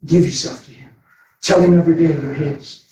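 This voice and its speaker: A man preaching a sermon, telling stories with animated energy, laughing and acting out conversations. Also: a little high, a little fast, a little hiss or hum. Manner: animated, laughing, acts out dialogue. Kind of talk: sermon with storytelling. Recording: very echoey, distant from mic.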